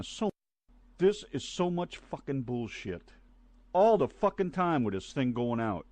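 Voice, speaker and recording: Man, profane ranting co-host, high voice, dry recording. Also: no echo. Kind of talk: casual chat and profane rant.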